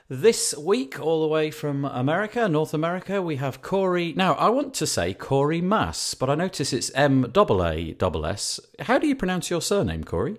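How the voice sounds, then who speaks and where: A middle-aged man with a Northern English accent, hosting a podcast interview in a chatty, animated way and laughing easily. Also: a little high, normal speed, hardly any pauses. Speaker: podcast host.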